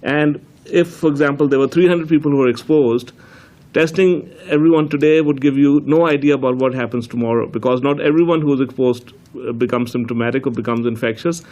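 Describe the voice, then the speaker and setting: Middle-aged health official guy at a press briefing, measured, lots of uh and um, mid pitch. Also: darkish tone. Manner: measured, explanatory, with frequent fillers. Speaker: chief medical health officer.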